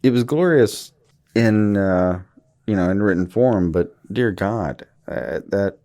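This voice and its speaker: A man's voice: on the low side, lively intonation, slow pace, mellow. A man co-hosting a podcast in casual chat. He is laid-back and mostly adds short agreeing remarks. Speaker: podcast co-host.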